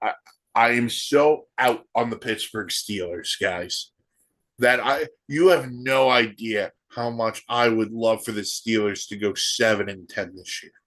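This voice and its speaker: A man's voice: on the low side, fairly bright tone. A man hosting a solo sports podcast, ranting and firing off rhetorical questions. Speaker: podcast host.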